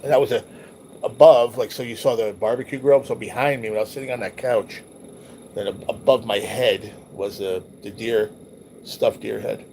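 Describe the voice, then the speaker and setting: A man's voice: lowish voice, fairly even intonation, moderate pace, dark tone, slight background noise. A man hosting a livestream, reminiscing casually over old photos in a loose, rambling, profane way. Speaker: livestream host.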